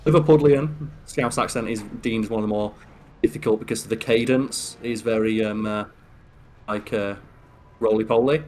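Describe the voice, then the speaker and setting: A man's voice: fairly low pitch, steady tone, normal speed, darkish tone, a little hiss or hum. A young British man whose speech slips into a Scottish lilt, co-hosting a game stream and rambling through stories in casual chat. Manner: chatty, rambling storyteller. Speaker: stream co-host. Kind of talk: casual chat over gameplay.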